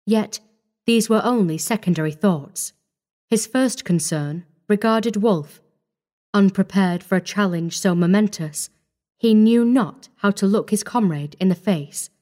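A woman narrating a classic short story in a measured, steady reading. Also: medium pitch.

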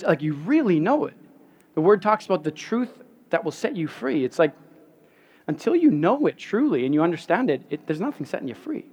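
Speaking at a fairly high pitch, a male pastor gives a sermon that is earnest and conversational, frequently sinking into quiet, soft passages and repeating himself.

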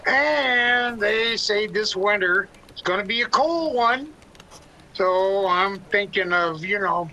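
A woman's voice: mid-range voice, expressive, slow pace, bright, forceful tone, muffled recording, a little hiss or hum. A woman voicing a lonely, chatty older male caller who rambles in a friendly way.

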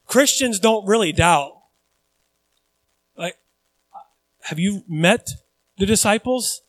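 A man with a high voice preaches a sermon, talking conversationally and acting out little quotes. The sound is dry and close, with no room echo. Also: animated, moderate pace, a bit bright. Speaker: pastor.

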